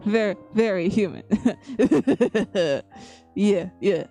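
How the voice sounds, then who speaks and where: A woman's voice: medium pitch, mellow. A woman VTuber chatting playfully with her viewers on a live stream, teasing them, repeating herself and laughing often. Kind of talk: live-stream chat with viewers while drawing.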